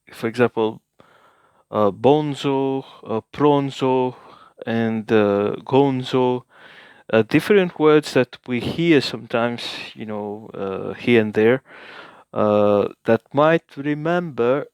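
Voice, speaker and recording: A man hosts a casual language lesson at a slow, unhurried pace, hesitating often and thinking aloud. He repeats each example word for the listener. His voice is smooth and clean, recorded dry with no room sound. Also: mid-range voice, dry recording. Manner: repeats words slowly for the listener. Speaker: language-learning video host.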